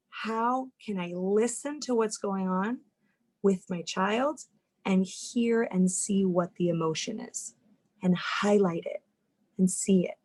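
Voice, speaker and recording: Woman, family therapist, parenting talk, animated, acts out inner voices, repeats words. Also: medium pitch, poor audio. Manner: repeats words and restarts sentences when speaking.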